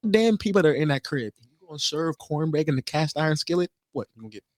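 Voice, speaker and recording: A man in casual podcast banter who tells stories with lively swings of pitch and voice, jumping high to imitate relatives. The sound is dry and close to the mic. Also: quick pace, dry recording. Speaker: podcast co-host.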